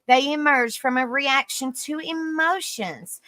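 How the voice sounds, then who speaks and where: A woman's voice: high-pitched, a little slow, sharp tone, dry recording. A tired woman hosting a live stream, reading an article aloud and greeting viewers with fond names like sweetie and honey, stumbling over hard words. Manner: affectionate toward viewers, calls them sweetie and honey.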